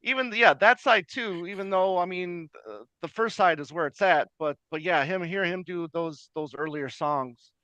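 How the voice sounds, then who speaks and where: A man co-hosting a casual music chat, halting and restarting as he talks and laughing along. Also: sits high, pushed and bright, clean tone, no room sound, muffled recording. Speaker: podcast co-host.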